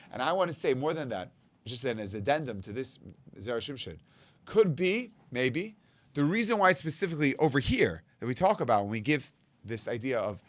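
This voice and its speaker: A man's voice: mid-range voice, dry recording. A man teaching as a rabbi, telling a story and acting out its dialogue with Hebrew and Yiddish terms mixed in. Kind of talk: storytelling Torah lesson.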